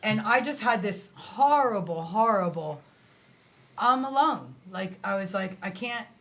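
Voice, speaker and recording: A woman speaks as a guest on a talk show, telling a personal story in a relaxed, chatty way. She leans into the voices of the people in her story and acts out their lines as she goes. Her voice sits at an ordinary middle pitch. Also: a little slow. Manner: animated, acts out quoted dialogue. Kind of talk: casual storytelling.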